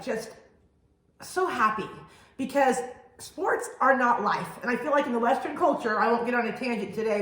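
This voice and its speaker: A fairly high-voiced woman in her thirties chats through a podcast, animated and storytelling. Her talk rings around an echoey room. She sounds casual and quick to jump in. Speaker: podcast co-host. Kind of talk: casual chat.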